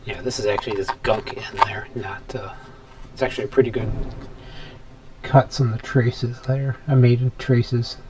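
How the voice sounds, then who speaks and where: A man hosting a casual workbench vlog in his home workshop, thinking aloud as he works and dropping into soft muttered asides. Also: mid-range voice, little pitch movement, moderate pace, slight background noise, poor audio. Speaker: electronics hobbyist host.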